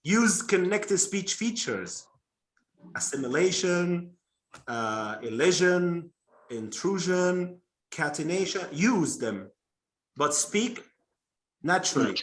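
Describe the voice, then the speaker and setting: A man runs a teaching workshop, explaining points one at a time and pausing to draw answers from his listeners. His voice sits fairly high for a man. He often slows right down to stress key words. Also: expressive. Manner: explaining, eliciting answers from the audience. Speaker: English teacher trainer. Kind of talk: workshop presentation.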